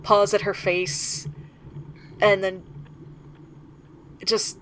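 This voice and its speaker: A woman narrating her character's actions as a tabletop game player, speaking slowly with plenty of "like". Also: medium pitch, little pitch movement, a bit bright, slight background noise, poor audio. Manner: slow narration with laughs, peppered with "like".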